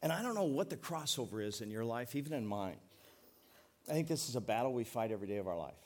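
Folksy pastor preaching, emphatic. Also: male voice, medium pitch, sing-song, darkish tone. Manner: folksy, joking, emphatic preaching with slowed stresses. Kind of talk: sermon.

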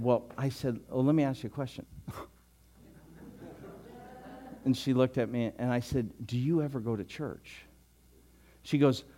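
Older guy pastor giving a sermon, tells stories, laughs, repeats words, gets loud in the funny bits. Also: mid-range voice. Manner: storytelling with chuckles, animated and loud in anecdotes.

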